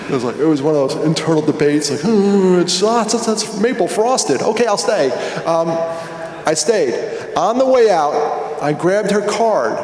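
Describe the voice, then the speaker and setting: A man's voice: fairly high pitch, darkish tone. Joking man speaking in an echoey hall. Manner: conversational, jokey, asks the audience questions. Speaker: conference speaker. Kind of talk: storytelling keynote talk. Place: large hall with an audience. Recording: echoey hall, long reverb.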